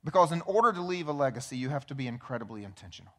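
A man preaching a sermon to his church, emphatic and repetitive, often dropping to quiet low phrases. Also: animated, rapid-fire. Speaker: pastor. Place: church sanctuary.

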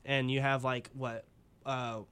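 A man talking casually as a host, rambling along with plenty of "like" and "um" and laughing easily. His voice is smooth and resonant, pitched in an ordinary middle range. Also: level tone, takes it slowly, a bit bright. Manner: rambling, many fillers, laughs often. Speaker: podcast host. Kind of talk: casual chat.

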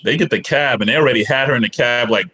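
A man telling a long, animated story on a casual podcast, acting out other people's lines. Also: mid-range voice, fast, husky. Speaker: podcast guest.

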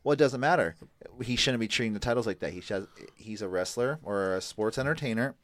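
A man co-hosting a casual podcast, recapping events with many fillers and pauses. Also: lowish voice, expressive, no echo. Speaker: podcast co-host recapping a show. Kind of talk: casual chat.

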